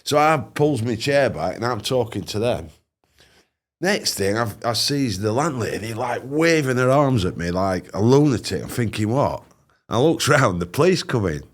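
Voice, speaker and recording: Lively blunt man. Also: mid-range voice, normal speed. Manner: animated, blunt, dialect grammar. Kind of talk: casual anecdote telling.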